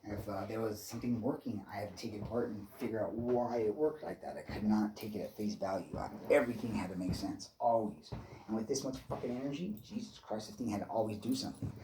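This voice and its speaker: A man's voice: on the low side, fast, noisy background. A man in his fifties telling a meandering personal story, swearing constantly and restarting his sentences often. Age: 50s. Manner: profane, meandering, restless storytelling. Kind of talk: rambling personal monologue.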